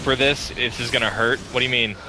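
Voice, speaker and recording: A man's voice: mid-range voice, fast talker, noisy background. A man chatting casually and cracking jokes while playing a co-op game with friends, swearing freely. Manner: joking, animated, swears casually. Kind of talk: casual gaming chat.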